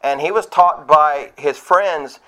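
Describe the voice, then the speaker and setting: A man preaching a sermon in a conversational way, asking the congregation questions and acting out the voices he quotes. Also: slow. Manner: acts out quoted speech with sharp rises in pitch. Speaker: pastor.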